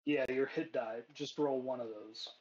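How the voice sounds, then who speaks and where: A man's voice: medium pitch, steady tone, normal speed, a little mellow, lo-fi sound. A man running a tabletop game as game master, casual and loose with many fillers.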